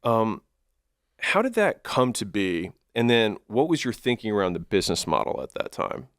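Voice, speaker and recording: A man as interviewer, asking questions hesitantly and filling pauses with "um" and "kinda". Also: on the low side, big pitch swings, fairly bright tone, dry recording, studio quality. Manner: hesitant, with many fillers.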